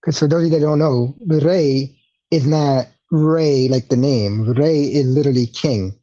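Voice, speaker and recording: A podcast co-host in casual chat, relaxed and profane, laughing often. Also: mid-range voice, a little slow. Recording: muffled lo-fi audio.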